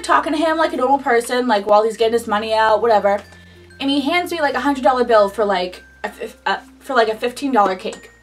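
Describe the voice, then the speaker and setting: On a distant mic, a young woman whose voice sits on the high side chats through a personal story as a vlogger. Her retelling is lively and casual, packed with "like."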